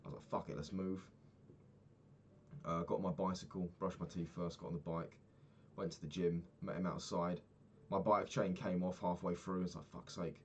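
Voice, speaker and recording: A young man with a low voice rambles through his day in a loose, sweary diary chat while he plays a game. Faint keyboard clicks sit under his voice. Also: little pitch movement, brisk, a little hiss or hum. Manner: rambling, sweary, self-mocking, frequent restarts. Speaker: vlogger. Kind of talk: casual daily diary talk over gameplay.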